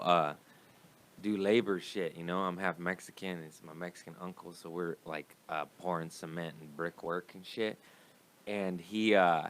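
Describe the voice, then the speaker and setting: A young man with a deep, smooth voice tells a rambling, profane story in a loose podcast chat. He talks in casual stops and starts, with a comedian's easy delivery. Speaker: comedian guest.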